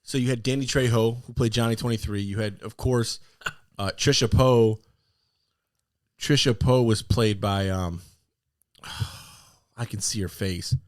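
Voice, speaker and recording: A man co-hosting a casual podcast chat, rambling with lots of fillers and sudden excited outbursts. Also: fairly low pitch, a little slow, pauses often, no room sound, studio quality. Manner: animated, excitable bursts between rambling fillers. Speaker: podcast co-host.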